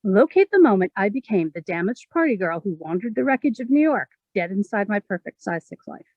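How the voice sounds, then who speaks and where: Woman poet, measured expressive reading, creaky tone, close dry mic. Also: medium pitch, no echo, highs cut off. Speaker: poet reading her own work. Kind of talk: poetry reading.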